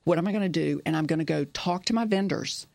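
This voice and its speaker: Middle-aged woman, earnest interview storyteller, gravelly tone, dry close sound. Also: sits low, quick pace, darkish tone, no room sound. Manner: earnest, repeats key phrases. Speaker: business owner guest.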